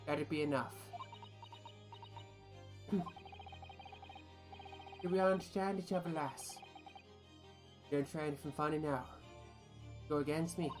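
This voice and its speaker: A scheming older man lays down quiet threats in a low, measured voice, as a woman puts him on. He speaks slowly and deliberately, with game music playing behind. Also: steady tone. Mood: menacing. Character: menacing scheming older male villain. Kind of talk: game dialogue read aloud.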